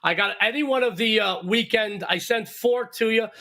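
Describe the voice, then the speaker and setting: An older man giving sports betting picks in a loud, brash, self-mocking way. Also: high voice, normal speed, slight background noise. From Sicilian heritage.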